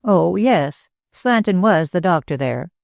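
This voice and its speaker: Storybook part: a brooding little old inventor, grave and deliberate, read by a woman with a low voice. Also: lively intonation, vocal fry, darkish tone, no echo, clean studio sound. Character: older male inventor, small, brooding, intense.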